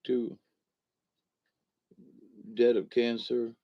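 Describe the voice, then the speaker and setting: A man's voice: mid-range voice, flat delivery, very slow. A man, talking in a folksy, meandering monologue that wanders between topics. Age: 60s. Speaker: vlogger. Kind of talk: rambling casual monologue. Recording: dull lo-fi recording.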